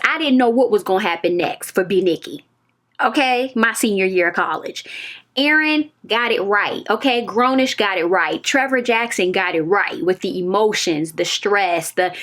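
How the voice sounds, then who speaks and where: A woman's voice: medium pitch, lively intonation, normal speed, a bit bright. A woman in her twenties reviewing a TV episode in a casual, emphatic way, repeating phrases and talking straight to her viewers. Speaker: TV review vlogger.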